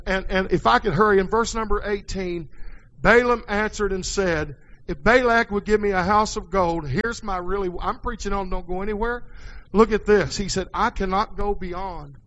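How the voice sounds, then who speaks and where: A man preaching a folksy sermon in a church, dropping quiet and then rising to hollering. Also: high voice, moderate pace, rough recording.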